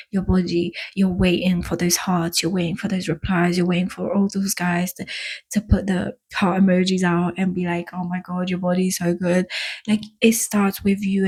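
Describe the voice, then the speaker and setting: A woman whose first language is not English, talking to camera in a casual self-help vlog, earnest and affectionate, with halting restarts and drawn-out emphatic words. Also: on the low side, darkish tone, breathy edge. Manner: earnest, affectionate, addresses viewers as "my love" and "baby". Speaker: vlogger.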